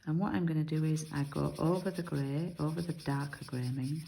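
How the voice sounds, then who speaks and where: Low-voiced gravelly British craft demonstrator. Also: female voice, steady tone, a little fast, dark tone, slight background noise, rough recording. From United Kingdom. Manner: chatty, step-by-step explaining while crafting. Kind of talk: card-making tutorial.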